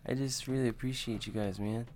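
A man's voice: mid-range voice, fairly even intonation, fairly quick, a little mellow, a little hiss or hum. A man co-hosting a podcast, chatting casually in a crude, joking, rambling way. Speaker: podcast co-host.

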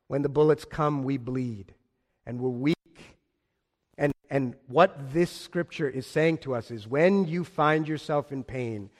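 Male pastor, higher voice, impassioned sermon with emphatic repetition; long hall reverb.

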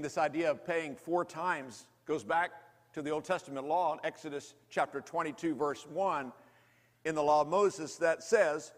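A man preaching with a high, reedy voice, telling the story dramatically. He swings between loud, urgent passages and hushed, drawn-out lows. His voice rings with the long reverb of a large hall. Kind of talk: sermon.

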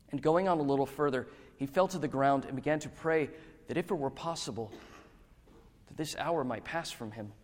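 A man's voice: a little high, lively intonation. Man reading scripture in a reverberant hall. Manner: measured, dramatic, slow reading.

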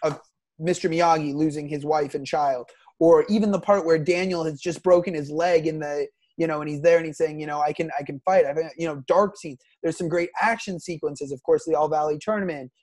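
A co-host in a casual film discussion who speaks enthusiastically but haltingly, full of fillers and restarts. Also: mid-range voice, a little mellow.

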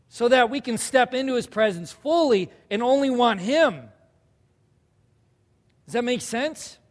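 High-voiced man preaching a sermon. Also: long reverb tail. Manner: conversational preaching, asks the audience questions. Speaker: pastor.

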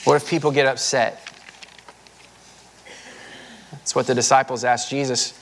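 A man's voice: medium pitch, fairly even intonation, a little slow, creaky. A man, a pastor, giving a conversational sermon with a folksy, casual manner and frequent filler words.

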